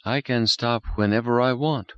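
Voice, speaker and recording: Brief: a man doing a slow, stiff, threatening alien entity with a childish grudge, audiobook read, dry and slightly dull sound. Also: mid-range voice, fairly even intonation, a bit bright, clean tone, no room sound, pitched above the performer's own voice, close to an everyday voice. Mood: stubborn. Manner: slow, stiff, formal and menacing. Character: cold hostile alien intelligence, childlike and vengeful.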